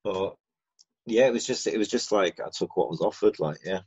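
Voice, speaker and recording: A man's voice: low-pitched, fairly quick, darkish tone, slightly rough, dry recording, highs cut off. A man, a battle rapper from the UK, chatting casually as a guest and telling stories with plenty of swearing. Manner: sweary, laid-back, storytelling. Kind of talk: casual interview chat.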